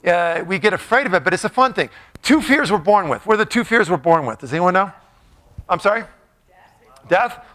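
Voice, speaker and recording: Bright, high-voiced playful male speaker. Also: expressive, fairly quick. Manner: playful, joking, asks the crowd questions. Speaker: motivational speaker. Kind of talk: live talk to an audience.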